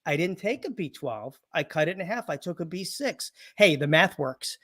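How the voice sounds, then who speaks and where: A man's voice: on the high side, lively intonation, moderate pace, a bit bright. A man, a chiropractor and part-time comedian, telling punchy funny patient stories as an interview guest, acting out their voices and laughing often. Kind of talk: storytelling interview.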